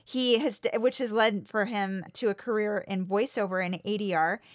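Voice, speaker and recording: A woman's voice: medium pitch, steady tone, moderate pace, dry recording. American lady chatting on a podcast, listing stuff off, dry close sound. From United States. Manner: chatty, laughing, piles up details. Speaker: podcast co-host. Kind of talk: casual chat.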